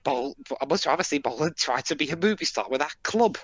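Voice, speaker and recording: A man's voice: on the high side, lively intonation, fairly quick, a bit bright, dry recording. A man joking playfully during casual commentary over an episode.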